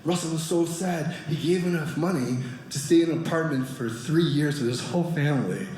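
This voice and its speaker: A man's voice: a little high, fairly quick, darkish tone. A man in his forties doing a stand-up comedy set, telling stories with animation and acting out other people's voices. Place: comedy stage before a live audience. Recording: echoey room with audience noise.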